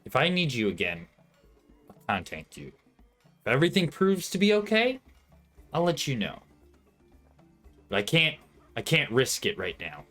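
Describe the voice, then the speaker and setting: A man's voice: mid-range voice, huge pitch swings, moderate pace, pauses often, pushed and bright, faint music behind, exaggerated voice. A man voicing a wary, stern man who curtly sends away someone he does not trust, in a tabletop game. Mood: guarded. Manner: guarded, curt and firm.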